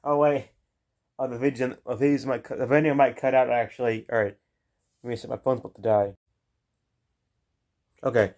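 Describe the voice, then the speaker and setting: A man's voice: medium pitch, fairly even intonation, normal speed, long pauses, darkish tone. A young man hosting a reaction video, chatting casually and rambling with many restarts.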